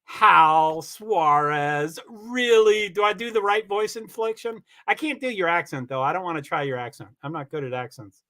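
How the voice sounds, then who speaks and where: A man hosting a livestream, giving rambling, chatty commentary on a car race and swearing when he gets excited. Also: high-pitched, fairly quick. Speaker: livestream host. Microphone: computer mic on a streaming call.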